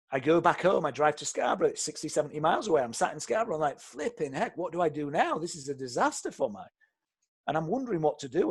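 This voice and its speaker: Brief: animated, conversational man, property investor, slightly high voice. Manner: animated, conversational, checks in with "okay?". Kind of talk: storytelling talk.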